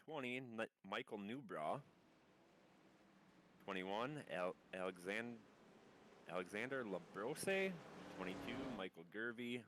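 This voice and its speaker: Low, muffled race caller. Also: male voice, animated, takes it slowly, long pauses, fairly bright tone, slight background noise. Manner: reads a long lineup, stumbling on names. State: under the weather, muffled voice. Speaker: race commentator. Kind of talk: live sim racing commentary.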